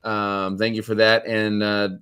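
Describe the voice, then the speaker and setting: Man, lowish voice, easygoing host, casual live chat, reads comments. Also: flat delivery, unhurried, bright, forceful tone, smooth. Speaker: host reading viewer comments.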